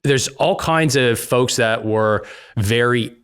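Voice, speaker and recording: Middle-aged English-speaking Canadian man, podcast guest, joking and outspoken, mid-pitched. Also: slow, a bit bright, clear, resonant tone. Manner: joking, outspoken, many fillers. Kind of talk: casual conversation.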